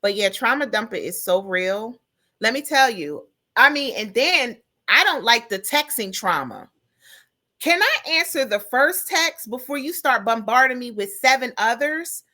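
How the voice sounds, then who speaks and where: A middle-aged woman with a slightly high voice co-hosts a podcast, chatting casually at an unhurried pace. She tells stories with animation, acting out the callers and people she describes.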